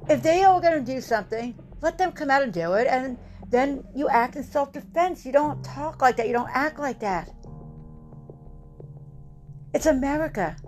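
A woman's voice: high-pitched, expressive, normal speed, darkish tone, faint music behind. A woman delivering an impassioned political monologue, emphatic and rousing, repeating lines for effect and dropping to a grave tone for warnings.

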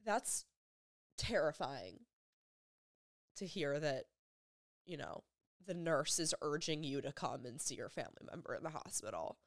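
Young woman, kinda low voice, telling a hard personal story, lots of "like", repeats herself, close dry mic. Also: expressive, no room sound. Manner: halting, emotional retelling with repeated phrases and many "like" fillers. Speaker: vlogger.

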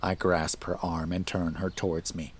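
A man narrating a scripted horror story in a measured, dramatic way that rises to tense emphasis. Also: deep voice, flat delivery, slightly rough.

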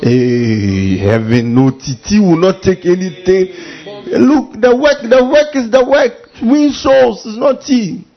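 A man preaching a sermon as pastor, animated and full of mimicry, with a husky voice. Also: sits high, slow pace, few pauses, dull audio.

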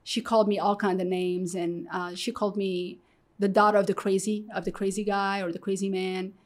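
A middle-aged woman from Morocco recounts her life story as an interview guest. She talks animatedly, slipping into the voices of the people she quotes and leaning on "you know" as she goes. Her pitch sits in a middle range for a woman. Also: level tone, a little fast. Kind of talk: candid personal storytelling.

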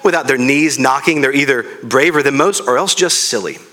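A man's voice: mid-range voice, brisk, sharp tone. A man reading aloud the lines of a homely talking female beaver from a storybook, in a plain voice without putting on an accent.

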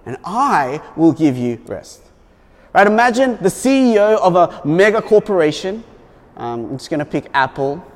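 Man, conversational preacher, slightly high voice, long reverb. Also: a little mellow. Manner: conversational, frequent "right?" tags. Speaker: pastor. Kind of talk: sermon.

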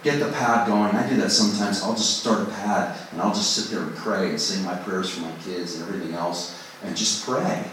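A man's voice: fairly low pitch, a little hiss or hum. A man giving a casual, self-deprecating songwriting talk to a group, recorded from a distance in a large room. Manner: conversational, self-deprecating, acts out inner voices. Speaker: songwriting workshop speaker. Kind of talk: informal teaching talk to a group. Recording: distant mic in a very echoey room.

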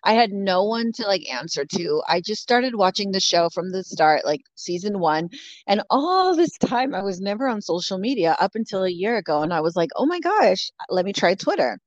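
A woman's voice: medium pitch, animated, normal speed, dry recording. A woman from California telling a story in casual chat, bluntly, with lots of swearing and "like" fillers. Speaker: guest. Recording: dull lo-fi dry audio.

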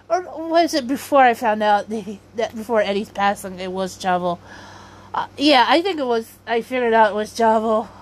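A woman hosting a podcast, rambling in casual commentary, often stopping herself mid-sentence and laughing. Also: sits high. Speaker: podcast host.

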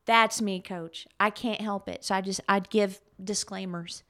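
A woman's voice: mid-range voice, steady tone, measured pace, pushed and bright. A middle-aged woman co-hosting a talk show, telling stories animatedly and laughing often. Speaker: podcast co-host. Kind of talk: casual chat.

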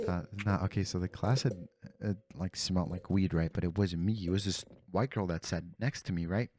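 Deep-voiced young man telling a story. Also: a little fast, a little mellow. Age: young adult. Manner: rambling, profane storytelling with frequent "bro". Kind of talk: casual storytelling among friends.

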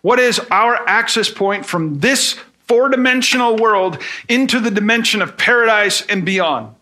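A man's voice: high-pitched, lively intonation, unhurried, pushed and bright. A man preaching a sermon in an earnest tone. He explains with everyday examples and asks rhetorical questions. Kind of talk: sermon teaching.

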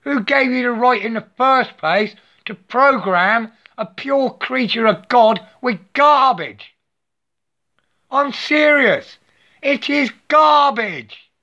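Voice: sits high, bright, forceful tone. A speaker delivering an impassioned solo rant in clipped, broken English, dropping articles, tagging lines with "yeah?" and swearing often in anger. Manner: swears often and vents with angry emphasis. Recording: dull lo-fi recording.

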